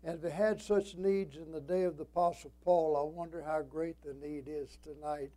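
A man preaching a sermon in an evening church service, with a strong preaching cadence that swings between emphatic rises and hushed drops. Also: a little high, steady tone. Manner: slow and deliberate.

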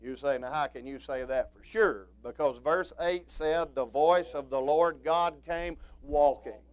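A man preaching a sermon, swinging from quiet talk up to shouted preaching. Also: on the high side, a little slow, no room sound.

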